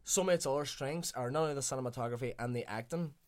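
A fast-talking man with a mid-range voice co-hosts a film-review podcast, chatting casually and enthusiastically. Now and then he swears.

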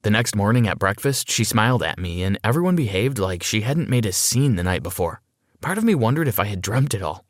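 A man narrating a first-person story in an expressive storytelling manner. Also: lowish voice, fairly quick, dry recording, clean studio sound.

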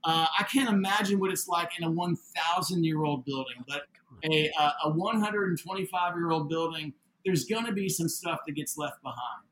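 A man telling a story in a casual interview, animated and acting out the voices of the people in it. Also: a little high, moderate pace, echoey room, slight background noise, poor audio. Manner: animated, acts out quoted dialogue. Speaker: interview guest, building owner.

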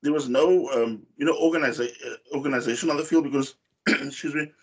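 A man's voice: mid-range voice, brisk, husky. A man in casual football chat, rambling with many fillers and restarts as he recaps a match. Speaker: football podcast co-host.

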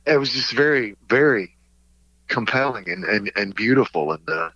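A man speaking as a guest in a casual conversation, talking haltingly with restarts and small chuckles. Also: mid-range voice, lively intonation, pushed and bright, no echo, dull audio. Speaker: guest sharing his testimony.

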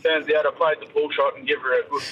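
Husky caller on a dull line. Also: male voice, fairly high pitch, level tone, fast. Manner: rambling, many ums. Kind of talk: phoned-in voice message. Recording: dull lo-fi phone message.

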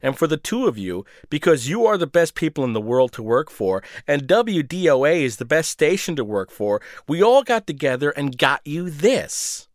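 Fawning, sugary office suck-up woman, pitched up, read by a man. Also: big pitch swings, moderate pace, few pauses, no room sound, studio quality. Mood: gushing. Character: gushing, insincere middle-aged female office flatterer.

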